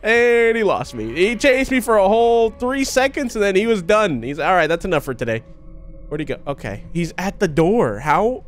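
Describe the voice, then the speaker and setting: Excitable young man, high lively voice. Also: moderate pace, faint music behind. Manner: excitable, laughing, talks to himself and the viewers. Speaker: gaming YouTuber. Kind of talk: horror game commentary.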